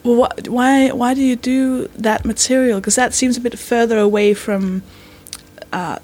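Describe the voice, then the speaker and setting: A woman's voice: fairly high pitch, steady tone, measured pace, darkish tone. A woman hosting a comedy podcast, rambling and friendly, laughing a lot. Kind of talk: casual podcast conversation.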